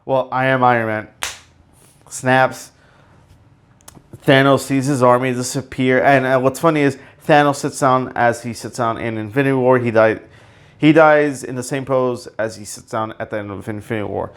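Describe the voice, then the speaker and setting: A man hosting a casual solo podcast, rambling excitedly with many fillers and restarts and sudden emotional outbursts. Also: mid-range voice, moderate pace, smooth. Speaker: podcast host.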